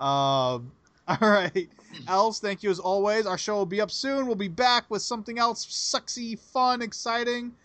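A man's voice: high-pitched, normal speed, fairly bright tone, no echo. A man hosting a casual podcast, joking crudely and laughing often. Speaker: podcast host.

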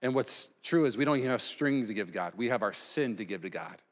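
A man preaching a sermon as pastor, emphatic, swinging between loud and hushed delivery. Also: on the low side, lively intonation, brisk. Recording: long reverb from a large hall.

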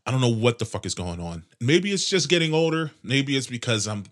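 Young male podcast host, congested nose, sarcastic profane rambling, lively pitch. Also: fairly quick. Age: 20s. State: congested nose, clearing throat. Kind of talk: casual solo podcast rant.

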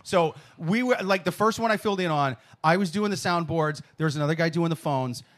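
A man hosting a casual comedy talk show, telling a story in an animated, profane way. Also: on the high side, brisk. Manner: animated storyteller, swears freely. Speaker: podcast host.

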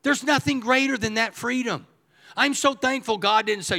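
An older man preaching a sermon as pastor, swinging from quiet asides to loud excited bursts and often repeating words as he starts a thought. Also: very high voice, moderate pace, gravelly. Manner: animated, shifts from quiet to shouting.

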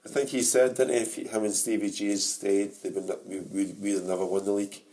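A Scottish man in his forties, chatting about football and family in an animated way, laughing often, his voice going a bit hoarse. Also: lowish voice, a little fast. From Scotland. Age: 40s. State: losing his voice. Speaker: podcast co-host. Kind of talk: casual football chat.

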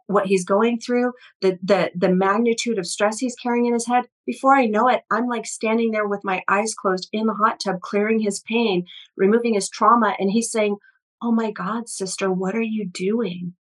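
Woman, middle-aged, energy healer guest, chatty storytelling, restarts a lot, mid pitch. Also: low-quality recording. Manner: animated, quick, many restarts, quotes people. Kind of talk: conversational storytelling interview.

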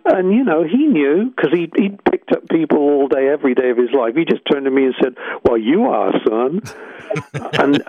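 Brief: male musician guest, halting and reflective, tinny phone-quality recording. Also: a little high, no room sound. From England. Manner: hesitant, searching, many restarts. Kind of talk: reflective interview storytelling.

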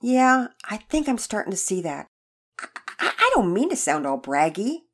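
A woman reading a storybook and voicing a quiet, humbled boy who speaks softly and hesitantly. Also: medium pitch, big pitch swings, normal speed, voice pushed up. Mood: subdued. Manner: soft and hesitant.

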